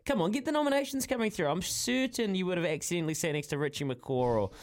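NZ male breakfast radio host, chatty, lively pitch, teasing banter. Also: fast.

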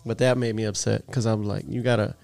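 A man's voice: on the low side, flat delivery, brisk, creaky, darkish tone, no room sound. A middle-aged man, telling a rambling, profane story in casual podcast chat. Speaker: podcast co-host.

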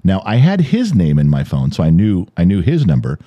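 An American man hosting a podcast, telling stories in a casual, animated way and swearing freely. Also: fairly quick, no room sound, muffled recording. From United States. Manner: animated, jumps high in pitch for quoted lines, swears freely. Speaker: podcast host. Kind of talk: casual storytelling chat. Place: home studio.

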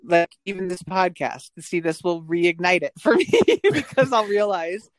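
On a podcast, a woman guest gives earnest, searching answers in casual, reflective interview talk, often restarting sentences and laughing between thoughts. Her voice is lowish and expressive, and she speaks a little slowly.

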